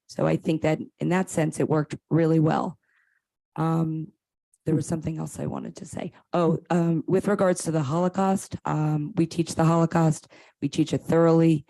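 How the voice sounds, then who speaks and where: A teacher giving a calm, explanatory comment at a school board meeting, with some fillers. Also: medium pitch, moderate pace, gravelly, low-quality recording.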